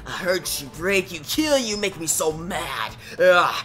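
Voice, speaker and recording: Woman playing a slow, raging simple-minded brute. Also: lowish voice, lively intonation, faint music behind. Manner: broken, slow, rising shouts. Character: huge simple-minded male brute, enraged and in pain.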